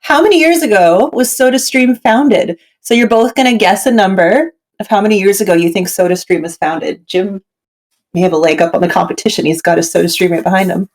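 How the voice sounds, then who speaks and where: A woman from Canada, chatty and quick to laugh, reading out trivia quiz questions. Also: medium pitch, a little mellow. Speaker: quiz host. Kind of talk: casual chat.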